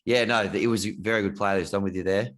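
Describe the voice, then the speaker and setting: Laid-back Australian guy, lowish voice, chatty podcast co-host. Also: fairly even intonation, a bit bright. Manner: easygoing, quick to laugh, chatty. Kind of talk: casual chat.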